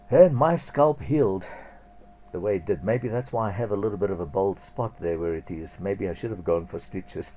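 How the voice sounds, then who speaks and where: Low-voiced man, muffled radio talk. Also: warm tone. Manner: reflective, chuckles often.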